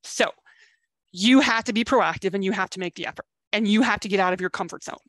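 Middle-aged female dating coach, middle pitch, dry close sound, frank and chatty tough-love delivery. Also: quick pace, a bit bright, dry recording. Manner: blunt tough-love pep talk, casual and chatty with swearing. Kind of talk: coaching video talk to camera.

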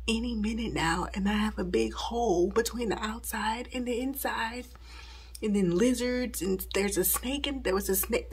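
A woman's voice: mid-range voice, gravelly, slightly rough. A woman recording a casual home vlog, chatting straight to her viewers from her house. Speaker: home vlogger. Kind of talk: casual chat to camera.

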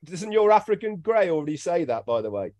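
Man, webinar co-host, quick and jokey, fairly high voice, dry sound. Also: sing-song, a little mellow, no echo. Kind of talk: casual chat, shout-outs.

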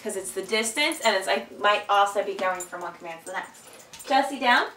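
Woman dog trainer, bright voice, calm explaining, echoey room, a little off-mic. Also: fairly quick, distant mic, slight background noise. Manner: explains calmly, then gives sharp upbeat commands and high praise to the dog. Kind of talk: hands-on training demonstration.

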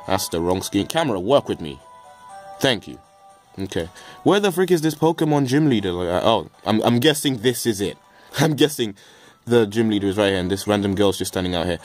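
Joking low-voiced let's play gamer. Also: male voice, expressive, brisk, soft background music. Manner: joking, rambling, mild swearing, stammered restarts. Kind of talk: casual gameplay commentary.

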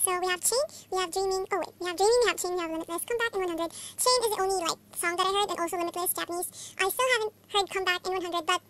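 A young woman from the Philippines chatting through a fan unboxing, gushing and excitable, with constant exclamations. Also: very high voice, racing, few pauses. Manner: gushing, excitable, many oh-my-gods. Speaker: vlogger. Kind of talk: casual unboxing chat. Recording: faint background noise.

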